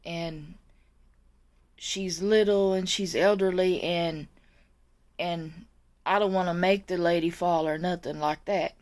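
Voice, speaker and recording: A woman's voice: lowish voice, steady tone, slow pace, long pauses, a little mellow. A woman who used to work as a nursing aide, telling a story in a chatty, casual way, laughing often and repeating words as she goes.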